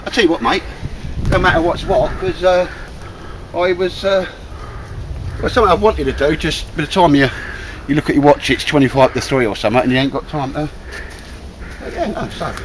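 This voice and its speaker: A man's voice: a little high, brisk, pauses often. A man chatting casually in the woods about a stool he built, calling everyone mate. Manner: chatty, calls everyone mate, laughs often. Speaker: bushcraft vlogger. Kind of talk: casual outdoor chat. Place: woods outdoors. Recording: outdoor camera audio with noise.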